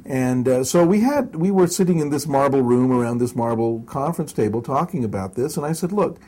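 A man's voice: mid-range voice, expressive, brisk, mellow. An older man recounting personal memories as an interview guest, chuckling often and restarting his sentences. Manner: chuckling storyteller with many restarts.

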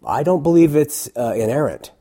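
A man's voice: on the high side, lively intonation, normal speed, mellow, husky. A middle-aged man who hosts a call-in show, talking bluntly and emphatically as an interview guest. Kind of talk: casual interview talk.

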